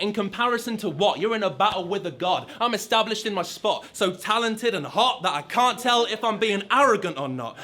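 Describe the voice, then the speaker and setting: A man's voice: high-pitched, a little hiss or hum. A young man from London with a London accent, delivering a mocking rap battle verse full of punchlines in front of a live audience. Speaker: battle rapper. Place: large hall with a live crowd. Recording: loud crowd cheering and laughing.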